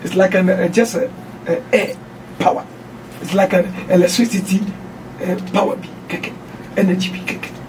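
A man with a Ghanaian accent preaching on doctrine, emphatic, mixing Twi and English and at times shouting. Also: high voice, steady tone, normal speed, pauses often, recorded from a distance, background noise.

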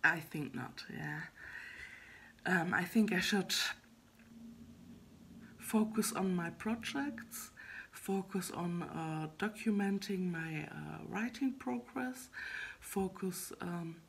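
A woman chats alone on her vlog in a soft, half-whispered voice that sounds husky and breathy, and she sits a little low in pitch. She speaks slowly and haltingly, pausing often, restarting, and filling gaps. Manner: hesitant, halting, many fillers and restarts. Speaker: web fiction writer vlogging her progress. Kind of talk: casual solo vlog.

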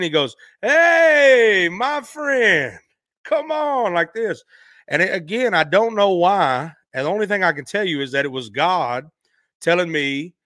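A middle-aged man from Nashville, a musician guest telling an animated story in an interview and acting out quoted voices. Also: mid-range voice, no room sound, clean studio sound. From Nashville, Tennessee.

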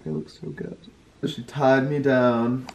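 A man joking with his partner off camera, teasing and playfully deadpan. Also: mid-range voice, takes it slowly, vocal fry, muffled recording. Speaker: vlogger's partner. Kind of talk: casual joking banter. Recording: roomy off-camera sound.

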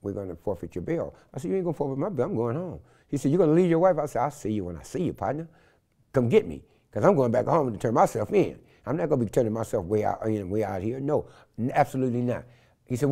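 Older man, animated storyteller, interview guest. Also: mid-range voice, fast talker, creaky. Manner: animated storyteller acting out quotes in loud shifts.

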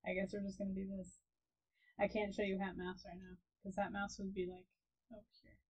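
A woman chatting casually as she plays a co-op farming game, giggly and often trailing off softly. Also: medium pitch, monotone, brisk, poor audio. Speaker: let's play host. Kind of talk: casual gaming commentary.

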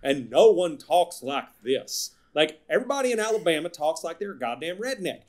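A man from the American South co-hosting a podcast in casual, animated chat, laughing often and swearing freely. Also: on the high side, moderate pace. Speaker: podcast co-host.

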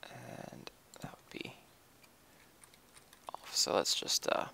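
A man giving casual, relaxed gameplay commentary, thinking aloud with frequent ums as he explains his build. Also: slow pace, whispered.

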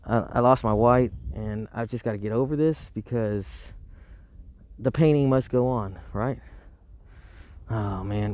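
A man's voice: mid-range voice, darkish tone. A man hosting a casual live painting stream outdoors by the roadside, rambling and talking to himself with frequent chuckles.

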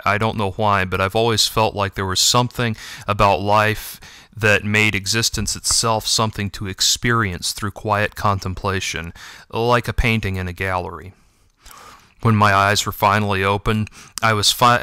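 A man reads a first-person story aloud in a gentle, reflective, wistful way. His voice is fairly low yet bright, smooth and crisp. The recording is close and dry. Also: dry recording. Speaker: audiobook narrator and author. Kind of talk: first-person audiobook narration.

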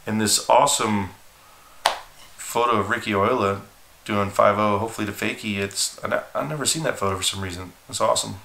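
A man's voice: fairly low pitch, a little fast, creaky, pushed and bright. A man in his forties, a skateboard team manager, telling a story in a rambling, profane, self-deprecating way. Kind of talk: casual storytelling. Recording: roomy echo.

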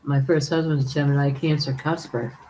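A woman's voice: very deep voice, fairly even intonation, moderate pace, mellow, low-quality recording. A woman hosting a live stream, chatting casually, laughing often and calling viewers darling as she reads their comments.

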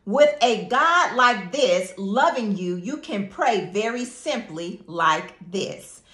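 A woman's voice: mid-range voice, lively intonation, takes it slowly, fairly bright tone. A woman preaching a devotional sermon and prayer, emphatic, repeating phrases and calling on listeners to say words back. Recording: echoey room with faint music.

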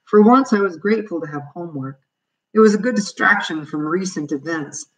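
A woman reading a children's novel aloud as a storyteller, in steady, plain narration. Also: lowish voice, fairly quick, rough recording.

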